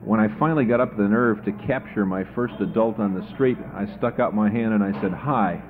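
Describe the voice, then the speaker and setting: A tired male political candidate tells stories in a radio interview, doubling up his opening words as he talks. His voice sits low, and the sound is thin and tinny, like an old archival broadcast. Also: fast talker. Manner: chatty storyteller, repeats words when starting sentences.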